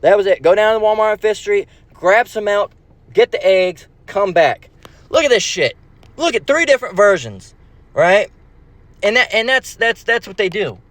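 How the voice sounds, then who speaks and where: A man's voice: sits high, lively intonation, moderate pace, fairly bright tone, no room sound. A man giving a rambling, profane screen-share lesson, repeating himself as he goes.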